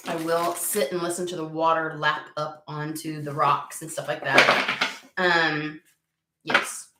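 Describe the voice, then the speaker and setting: An American woman reads tarot and chats casually in an echoey room, easily sidetracked and swearing now and then. Her voice sits low with little pitch movement, she speaks unhurriedly, and there's heavy background noise.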